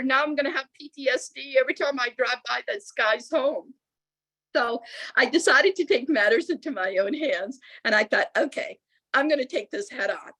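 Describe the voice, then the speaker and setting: Woman, middle-aged, fairly high voice, lively storyteller, acts out quotes. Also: normal speed. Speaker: lieutenant governor, guest speaker. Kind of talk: storytelling answer at a public talk.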